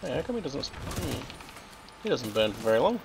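Casting: Australian male streamer, gravelly and chatty, loud gunfire underneath. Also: medium pitch, very animated, normal speed, background noise. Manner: chatty, joking, reacting aloud to the game. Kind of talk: casual gameplay commentary. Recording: game gunfire and explosions loud behind voice.

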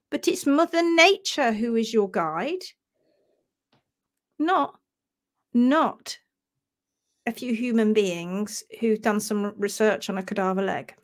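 Passionate English woman, higher voice. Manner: passionate and emphatic. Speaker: host. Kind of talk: live-stream talk.

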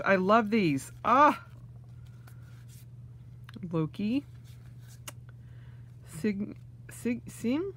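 Woman, vlogger, gushing unboxing chat, bright tone, slow delivery. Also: mid-range voice, a little hiss or hum. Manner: gushing, many gasps and delighted exclamations. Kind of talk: casual unboxing vlog.

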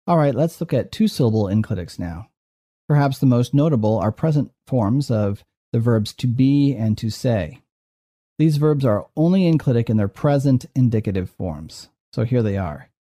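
A male professor giving a recorded lesson in a steady, methodical way, spelling out each rule with care. His voice is mellow and dark, recorded close with a dry sound and no room echo. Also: medium pitch. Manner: methodical, clearly enunciated explanation. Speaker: Greek professor. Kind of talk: recorded lecture.

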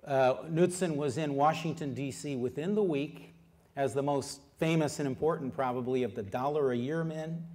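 A middle-aged author delivers a public history lecture in a lively, conversational manner, drawing listeners in with questions. His voice is medium-pitched, and he pauses often with fillers.

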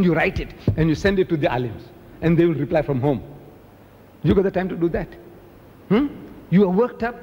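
An older man from South Africa giving an animated public lecture, telling stories and mimicking the people in them. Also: a little high, brisk, pauses often, long reverb tail. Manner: animated storytelling, mimicking others. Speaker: preacher.

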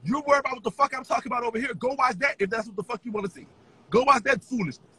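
Very high, husky-voiced man ranting. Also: rapid-fire, poor audio. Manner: taunting, profane, sing-song shouting. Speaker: social media personality. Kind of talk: profane ranting livestream.

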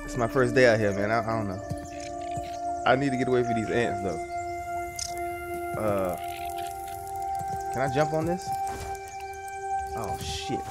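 Medium-pitched and a little slow, this man's casual game-streaming commentary is broken by long pauses over background game music. He startles easily, swearing and laughing when jumped, and talks in slang, addressing viewers as bro and y'all.

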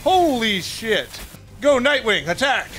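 Excitable young guy gaming with a buddy. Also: very high voice, slow, soft background music. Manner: excitable, swears a lot, laughs often. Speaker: gaming YouTuber. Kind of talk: casual gameplay chat.

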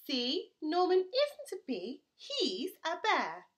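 A woman's voice: high-pitched, big pitch swings, normal speed, darkish tone, voice pushed up. A woman voicing a clever young female bee in a children's storybook, speaking in a firm, insistent way.

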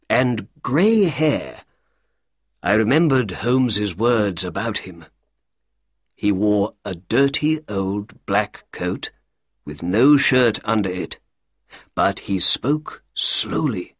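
A man reading a storybook aloud at an unhurried pace, with a husky voice and a lively, varied pitch. He reads clearly, like a graded reader. The recording is dry and close. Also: dry recording. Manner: slow, clear reading for learners. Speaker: narrator. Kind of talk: storybook audiobook narration.

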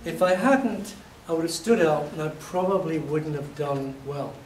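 A man from England giving a university lecture, telling lively stories and acting out his examples, his voice a little hoarse. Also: a little high, moderate pace. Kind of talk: classroom lecture. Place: lecture hall. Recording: echoey hall, distant mic, faint noise.

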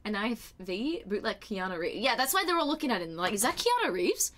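A woman streaming live, chatting casually with her viewers, excitable and quick to swear, with a desk mic. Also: medium pitch, slight background noise. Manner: chatty and excitable, swears freely, shrieks when surprised.

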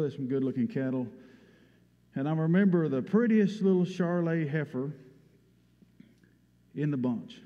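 A man's voice: a little high, dark tone. A man preaching a sermon, telling a story in a folksy way. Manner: folksy storytelling, Southern turns of phrase. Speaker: pastor. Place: church sanctuary. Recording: dull sound with long hall reverb.

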